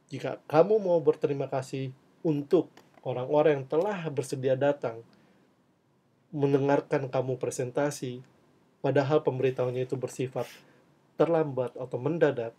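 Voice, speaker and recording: English teacher, lively demonstrative delivery, warm mellow tone. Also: male voice, medium pitch. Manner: energetic, demonstrative delivery of phrases; switches between English and Indonesian explanations. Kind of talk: classroom lesson.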